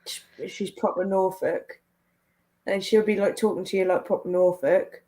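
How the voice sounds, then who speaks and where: Friend on call: relaxed woman, plain mid voice, casual and playful. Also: mid-range voice, normal speed. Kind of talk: casual chat.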